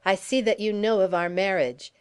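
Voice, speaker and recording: A woman voicing a flamboyant, mocking gentleman in an audiobook, grandly polite and teasing. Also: medium pitch, steady tone, normal speed, clear, resonant tone, natural voice. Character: theatrical French nobleman, mocking and flamboyant. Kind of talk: audiobook character voice.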